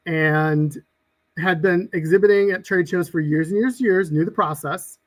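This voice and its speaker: A man's voice: high-pitched, rough recording. A man, a guest on a casual podcast, telling work stories and acting out the people in them. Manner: animated storyteller, acts out quoted exchanges.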